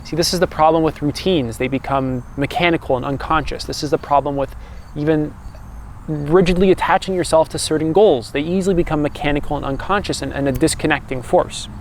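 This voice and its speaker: Gravelly young man musing calmly. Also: medium pitch, a little hiss or hum. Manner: calm, loose, many "right?" tags and restarts. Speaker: personal growth coach. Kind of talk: casual reflective monologue.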